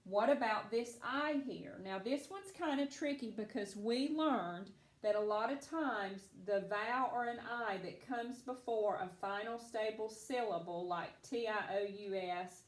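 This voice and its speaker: Slow, patient woman teaching phonics. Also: mid-range voice, reverberant. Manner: slow, patient, encouraging, answers for absent pupils. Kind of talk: recorded phonics lesson for children.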